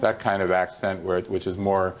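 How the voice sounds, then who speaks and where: Low-voiced man musing in rehearsal. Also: little pitch movement, faint music behind. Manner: halting, searching for words, many restarts. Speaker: violinist coaching a duo. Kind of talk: casual rehearsal discussion.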